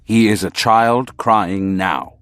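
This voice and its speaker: A man voicing an old male sorcerer teacher in an audiobook, speaking slowly, insistently and in a mesmerizing way. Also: mid-range voice, animated, dry recording, faint music behind, natural voice. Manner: slow, insistent, mesmerizing delivery. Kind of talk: audiobook character reading.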